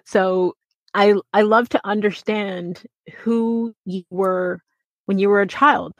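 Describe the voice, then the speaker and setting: A woman's voice: medium pitch, steady tone, takes it slowly, dry recording. Gushing woman podcast host. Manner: warm, gushing, effusive thanks. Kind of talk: interview hosting, scripted intro.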